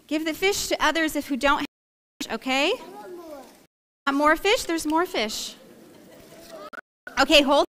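A woman's voice: high-pitched, a little slow, long pauses, a bit bright. A woman pastor leading a playful, interactive children's story, coaxing the kids to act it out. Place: church sanctuary. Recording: echoey church hall.

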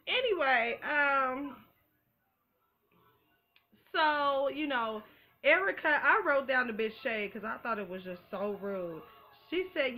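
Woman host, bright and animated, slangy recap chat. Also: fairly high pitch, unhurried. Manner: animated and profane, full of slang. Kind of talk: casual recap commentary.

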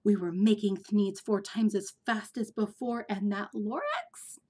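A woman reading a storybook aloud in an expressive way, often dropping into breathy whispers. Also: medium pitch, unhurried. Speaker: storybook reader. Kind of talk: read-aloud storybook narration.

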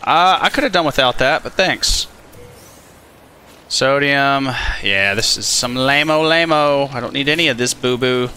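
A man giving casual let's play commentary on a game, chatty and animated, swearing and talking to the creatures on screen. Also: medium pitch, a little slow, a little hiss or hum. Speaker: gaming channel host.

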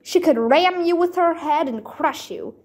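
A woman's voice: extremely high pitch, unhurried, darkish tone, voice pushed up. A woman voicing a stern, suspicious male game ranger in a storybook. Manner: stern, doubtful.

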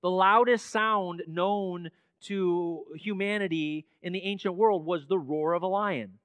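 Male pastor, high voice, dramatic sermon delivery, hushed to emphatic, dry close mic. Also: fairly even intonation, unhurried, smooth, dry recording. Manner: dramatic preaching, swings between hushed and emphatic. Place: church sanctuary.

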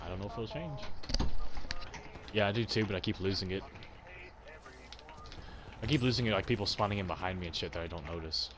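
A young British man in casual, crude gaming banter with friends, teasing and bursting into loud shouts. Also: low voice, a little fast, pauses often. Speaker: gamer. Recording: noisy gameplay chat recording.

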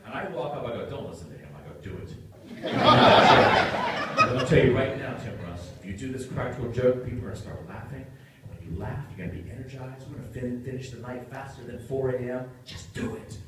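A man's voice: mid-range voice, animated, a little fast. A man on a convention panel telling a story, acting out the quotes and laughing often, recorded from far off in a convention hall. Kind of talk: animated anecdote on stage. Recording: roomy hall, distant mic, noisy.

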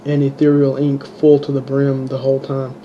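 Monotone man reading his own story. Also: medium pitch. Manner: halting, restarts words. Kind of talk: amateur audiobook reading. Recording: dull lo-fi home recording with faint hiss.

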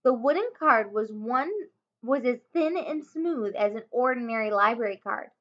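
A woman teacher reading a children's chapter book aloud, expressive, with small slips and self-corrections. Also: fairly high pitch, moderate pace. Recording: dull lo-fi home recording.

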